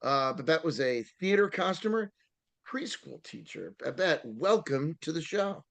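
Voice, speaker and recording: A man's voice: on the high side, animated, unhurried, gravelly, fairly bright tone. Man hosting, rambling with fillers. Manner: rambling with frequent fillers and restarts. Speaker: podcast host. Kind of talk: casual chat.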